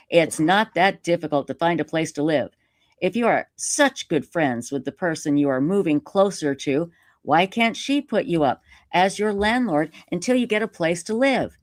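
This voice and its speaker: Animated lowish-voiced woman telling a story. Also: normal speed, no room sound, clean studio sound. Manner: animated, self-mocking, laughs often. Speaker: YouTube live streamer reading a letter. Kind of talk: storytelling in casual interview chat.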